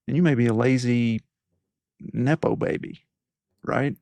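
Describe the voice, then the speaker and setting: A man's voice: medium pitch, a little slow, darkish tone, no echo. Man, fifties, mild East Tennessee accent, earnest interview storytelling, dry recording. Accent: softened East Tennessee Southern. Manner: earnest storytelling, acts out quoted voices. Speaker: podcast host as guest. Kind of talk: reflective interview talk.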